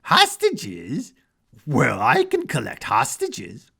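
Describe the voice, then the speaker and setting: A man's voice: big pitch swings, slow, creaky, fairly bright tone, exaggerated voice. A man putting on a giddy mad clown villain. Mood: bored, giddy. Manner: giddy, jumpy, high-pitched delivery. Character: manic bored male supervillain clown.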